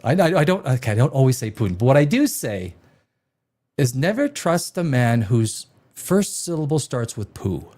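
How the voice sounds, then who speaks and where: Lively joking male show host. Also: mid-range voice, normal speed. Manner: jokey, rambling, laughs at his own jokes. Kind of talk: casual live show commentary.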